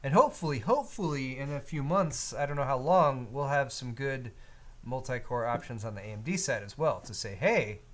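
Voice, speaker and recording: A man's voice: medium pitch, a little fast. A man co-hosting a live tech show, chatting casually and reading out viewer donations. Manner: relaxed, reads viewer donations aloud; frequent fillers and restarts, conversational. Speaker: co-host of a hardware show. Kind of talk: casual live-stream chat.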